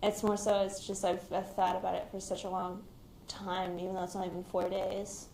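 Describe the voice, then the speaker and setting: A young woman speaks in a hesitant, reflective way, often pausing to gather her thoughts. Her voice sits at an ordinary middle pitch. The room around her is echoey, and a faint hiss of noise runs underneath. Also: level tone, vocal fry. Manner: hesitant, reflective, quiet-spoken. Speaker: shooting survivor, active military member. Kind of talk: recounting a personal experience in an interview. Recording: roomy recording with faint background noise.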